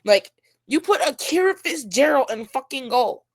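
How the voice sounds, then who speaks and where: A woman co-hosting a casual sports podcast, ranting in an animated, exasperated way and swearing freely. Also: sits high, moderate pace, gravelly, no echo. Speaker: podcast co-host.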